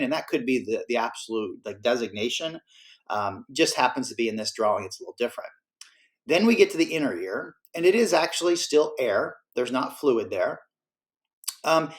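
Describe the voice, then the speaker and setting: Man casually lecturing on ear anatomy. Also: medium pitch. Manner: casual, self-correcting explainer. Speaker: teacher. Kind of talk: classroom lecture.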